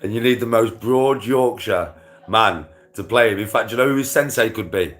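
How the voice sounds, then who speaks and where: A man's voice: on the low side, moderate pace. Sweary, laughing man. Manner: sweary, laughing, rambling banter. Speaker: livestreamer. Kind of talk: casual chat to viewers.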